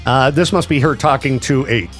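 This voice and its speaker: A man hosting a casual radio show, chatty and quick to laugh, with a sore back. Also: medium pitch, soft background music. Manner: chatty, laughs often, slips into mock voices. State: sore back after vomiting. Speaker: radio host.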